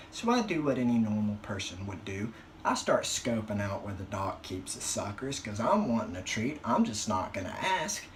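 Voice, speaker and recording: A man's voice: medium pitch, slight background noise. Crude, profane male stand-up comic. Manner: crude, profane storytelling with animated outbursts. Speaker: stand-up comedian. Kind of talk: stand-up comedy routine.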